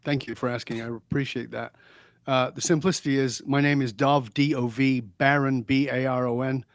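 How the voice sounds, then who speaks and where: A man's voice: medium pitch, little pitch movement, normal speed, no room sound, clean studio sound. A man, a guest in an interview, telling stories and making points in an emphatic, preachy way. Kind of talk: interview conversation.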